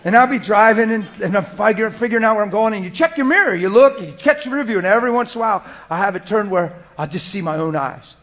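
A male preacher with a slightly higher voice, talking to a room of listeners in a relaxed, conversational sermon. He drops into soft, murmured prayer and then brightens into goofy, laughing anecdotes. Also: fast, few pauses. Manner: conversational, shifts into soft spoken prayer and playful storytelling. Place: church room before a congregation.

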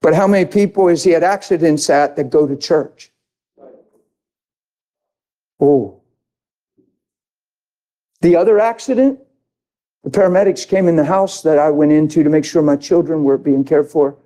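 A man's voice: a little high, normal speed, pauses often, warm tone. A male preacher telling a personal story in a sermon, acting out the voices of the people in it. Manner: acts out other people's voices in his story.

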